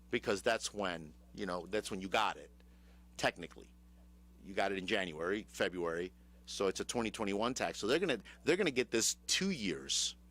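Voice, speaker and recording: A man's voice: medium pitch, a bit bright. A man with a Chicago accent hosting a radio talk show, casual and sardonic, throwing rhetorical questions at his co-host. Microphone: studio microphone.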